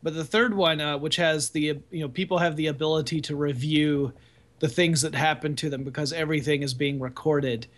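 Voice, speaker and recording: A man co-hosts a casual podcast, speaking with a slightly higher pitch than most. He is laid-back and joking as he describes a TV series. He talks in an easy, unhurried way. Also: fairly even intonation, a bit bright. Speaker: podcast co-host. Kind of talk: casual chat about TV shows.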